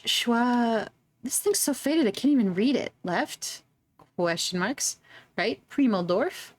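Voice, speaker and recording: A woman streamer chatting casually and giggling as she plays a game, reading its text aloud. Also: fairly low pitch. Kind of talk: casual gameplay commentary.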